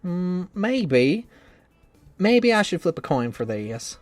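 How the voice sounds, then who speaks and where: A man's voice: sits high, big pitch swings, slow, faint music behind, heavily acted. A man voicing a cheerful young woman trainer who is anxious about her cooking, reading a visual novel game in an earnest, rambling, self-doubting way.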